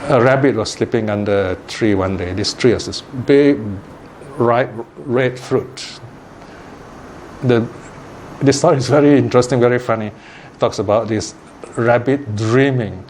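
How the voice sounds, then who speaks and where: A man's voice: medium pitch, steady tone, measured pace, darkish tone, slight background noise. A man giving a Buddhist Dharma talk, telling a fable in a chatty way, chuckling, repeating words and asking his listeners questions. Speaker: Buddhist teacher.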